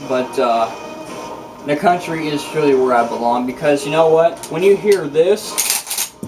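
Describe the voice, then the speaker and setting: A man's voice: fairly high pitch, a little slow. A man rambling through a casual vlog monologue, boastful and profane, full of restarts. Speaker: channel host. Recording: distant mic with loud music behind.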